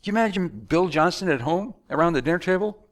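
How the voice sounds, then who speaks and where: An American man delivers a conversational monologue, animated as he acts out announcers and magicians. He speaks fast in a high voice.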